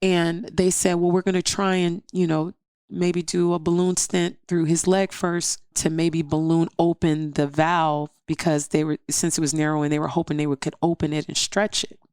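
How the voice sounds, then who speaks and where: A woman's voice: on the low side, flat delivery, normal speed, a little mellow, clear, resonant tone, no echo, clean studio sound. A woman guest telling a personal story in an interview, earnest and step by step, acting out what others said. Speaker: podcast guest.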